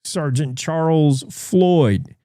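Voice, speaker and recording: A man's voice: fairly high pitch, warm tone, no room sound, studio quality. A male radio host reading the news and history notes in a casual, rambling way, stopping to comment on what he reads. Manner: slow, rambling, self-interrupting reads with asides.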